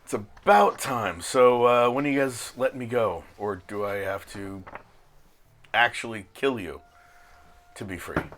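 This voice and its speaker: A man voicing a cold, evasive male hired captive in a tabletop game, speaking flatly and dismissively. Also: medium pitch, measured pace, lightly acted.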